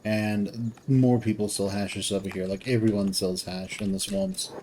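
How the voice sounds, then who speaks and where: A man's voice: fairly low pitch, animated, moderate pace, vocal fry, mellow, a little hiss or hum, poor audio. A man streaming a video game, thinking aloud in casual commentary with rambling restarts.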